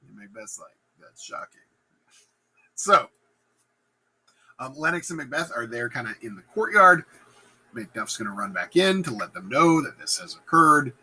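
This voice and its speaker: A male teacher casually retelling a play in a lesson, slangy and animated, acting out lines in voices. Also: medium pitch, normal speed, husky, low-quality recording. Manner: animated, slangy, acts out quotes in funny voices.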